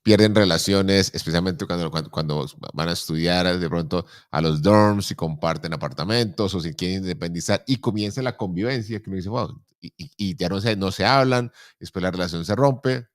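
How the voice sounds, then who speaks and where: Deep-voiced, fast-talking male host. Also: no room sound, clean studio sound. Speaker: show host. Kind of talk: conversational interview in Spanish.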